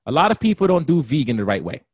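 A man, a guest personal trainer on a radio interview, talking in an animated, laugh-prone way. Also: fairly high pitch, fast, husky, dry recording. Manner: animated, laughs often, slips into playful voices.

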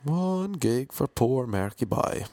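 An Irish man in a rambling comic monologue, deadpan and self-mocking, talking in a monotone. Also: mid-range voice, slow, slight background noise.

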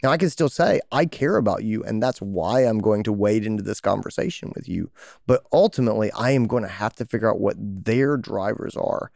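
Gravelly guy podcasting, animated, jumps way up when quoting people, dry close sound. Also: fairly quick, no room sound. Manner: animated, acts out quoted people with big pitch jumps. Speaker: podcast co-host, veterinarian. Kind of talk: casual podcast discussion.

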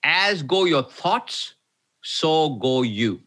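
Male pastor, emphatic, bright slightly high voice, repeats for emphasis. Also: very animated, extremely slow. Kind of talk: sermon with live Q&A.

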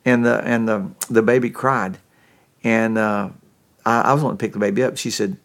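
A middle-aged man preaching a sermon in a middle-pitched voice. He tells the story in a folksy, homespun way, often restarting his sentences. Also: fairly even intonation, fairly quick. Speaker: pastor.

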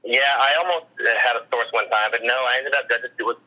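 A man with a very bright, cutting voice, bantering casually on a podcast. He rambles and jokes at his own expense, with the easy delivery of a radio host. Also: medium pitch, fast talker, poor audio. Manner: joking, rambling, self-mocking.

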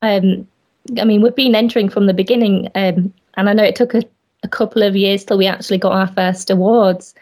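A woman's voice: medium pitch, steady tone, a little fast. A woman with a light Yorkshire accent, a guest on a podcast, talking in a modest, friendly way. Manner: modest, friendly, with soft laughs. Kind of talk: casual interview chat.

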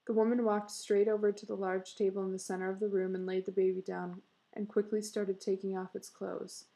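A woman reads a story aloud in a measured, expressive way. Her voice is mellow and dark, with a gravelly fry. Her delivery is steady and clear, like a storybook reading. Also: mid-range voice, low-quality recording. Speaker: narrator. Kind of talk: storybook narration.

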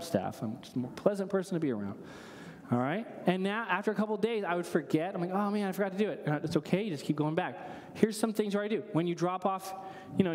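A man in his thirties preaching a sermon in a conversational, animated way, telling stories and adding asides to his congregation. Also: sits high. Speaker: pastor. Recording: long reverb of a large hall.

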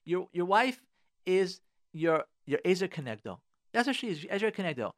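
A high-voiced male radio host talks from his studio with a very lively, swinging pitch. He is emphatic and repeats his key phrases, slipping Hebrew prayer words into his English advice. It is animated advice talk on a radio show. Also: normal speed.

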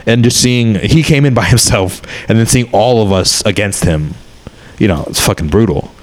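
A man's voice: fairly low pitch, normal speed. A man in his thirties, a comedian, talking candidly and rambling in a casual chat, swearing often.

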